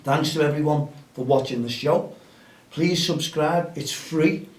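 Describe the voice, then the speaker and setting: A man's voice: a little high, a little slow. Chatty man, distant and roomy. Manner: chatty and upbeat, rallying listeners. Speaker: host of a grassroots football show. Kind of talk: casual outdoor podcast chat.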